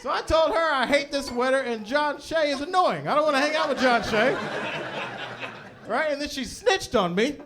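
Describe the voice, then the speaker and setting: A man's voice: extremely high pitch, animated, moderate pace, noisy background. A man in his forties performing live stand-up in a comedy club, chatting with the crowd and checking for agreement. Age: 40s. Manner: conversational, asks the crowd for agreement. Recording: live club with audience laughter.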